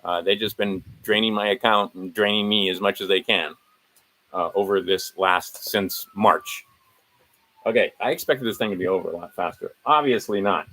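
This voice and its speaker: A man with a fairly low voice talks viewers through paperwork on his screen in a loose, unscripted way. He rambles and corrects himself as he goes, reeling off section numbers and legal citations. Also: normal speed, sharp tone, low-quality recording. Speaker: video host. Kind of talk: casual screen-share walkthrough.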